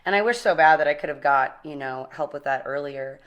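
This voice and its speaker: Woman, forties, low pitch, lively, quick bursts, casual interview guest. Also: muffled recording. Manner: energetic, animated, quick bursts, laughing often. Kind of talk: casual interview, telling her recovery story.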